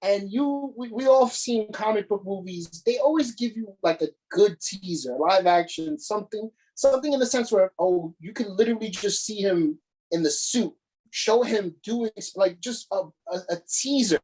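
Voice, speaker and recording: A man's voice: sits high, normal speed, a little mellow, low-quality recording. A man co-hosting a podcast, ranting in casual chat with plenty of profanity and exasperation. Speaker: podcast co-host.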